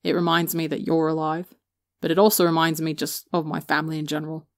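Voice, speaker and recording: A woman's voice: low-pitched, level tone, fast talker, no echo, studio quality. A woman voicing a brash teenage boy, a blunt and sweary little brother who mumbles when sleepy. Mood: quiet.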